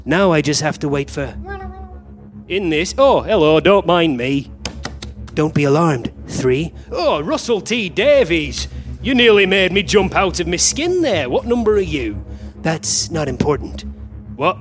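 A squabbling male time traveler arguing with his own other selves. He trades quick comic banter and yelps through scuffles in a fairly high voice. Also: big pitch swings, faint music behind. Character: bickering versions of one male time traveler. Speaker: actor in a live comedy audio play. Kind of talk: stage comedy acting. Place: live theatre stage.

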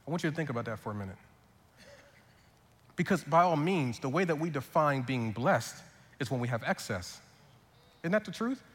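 A man preaching a sermon as pastor, telling a personal story in an animated way with quick repeats, then turning earnest. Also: a little high, in a large hall.

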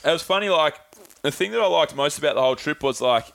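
A man's voice: a little high, animated, fast, gravelly, fairly bright tone. A young man telling travel stories in a casual, laid-back chat, swearing freely and acting out the people he quotes. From Australia. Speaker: podcast guest.

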